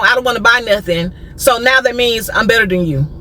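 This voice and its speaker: A young American woman vlogger telling a story in a sassy, animated way, acting out what people said. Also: a little high, fairly quick, noisy background. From United States. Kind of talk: storytime vlog.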